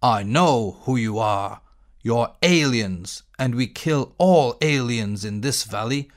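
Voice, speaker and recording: A hulking, menacing one-eyed monster growls out his threats, voiced by a man reading a textbook story. The delivery is slow and deliberate, with a lively rise and fall in pitch.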